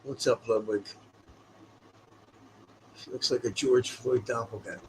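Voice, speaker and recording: A man throws out crude, heckling insults at a middling pitch. His voice is ordinary for a man, with a faint hiss of noise behind it. He sounds like a heckler joining in from the side. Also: fairly even intonation, a little slow, poor audio.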